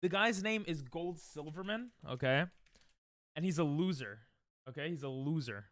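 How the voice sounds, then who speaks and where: Bright, clear-voiced male streamer. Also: fairly high pitch, lively intonation, moderate pace, dry recording, clean studio sound. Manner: rambling, self-interrupting, joking. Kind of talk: casual livestream chat.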